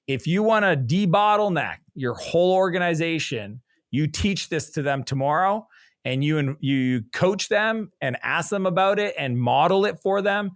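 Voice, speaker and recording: Brisk, animated businessman in a dry room. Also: on the high side, no echo. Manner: energetic storyteller, animated quoting of others. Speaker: business coach guest. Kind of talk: conversational interview.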